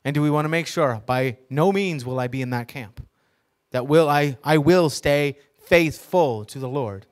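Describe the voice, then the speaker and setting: A man's voice: a little high, normal speed. Emphatic man preaching a sermon. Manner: teaching by asking the audience questions, reading scripture with emphasis; joking asides with laughs. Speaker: pastor.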